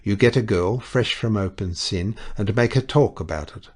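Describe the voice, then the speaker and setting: A man's voice: fairly low pitch, normal speed, slightly rough. A man voicing a bitter, scornful young English society wife, speaking with cutting passion in an audiobook reading. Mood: mocking.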